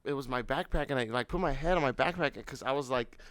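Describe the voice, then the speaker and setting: A young man co-hosting a casual chat, telling a story in a rambling, animated way with lots of fillers and swearing. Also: medium pitch, fast talker, dry recording. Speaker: podcast co-host.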